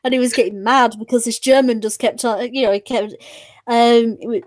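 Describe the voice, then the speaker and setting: A woman's voice: fairly high pitch, fairly even intonation, fairly quick, no echo. A British woman streamer telling stories in casual chat, rambling with many fillers and restarts. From Britain.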